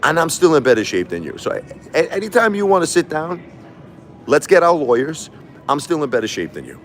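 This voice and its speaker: Combative man ranting, wildly swinging pitch. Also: very animated, a little fast, faint music behind. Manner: combative, taunting, repeats himself; boastful. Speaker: livestreaming YouTuber. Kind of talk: ranting livestream monologue.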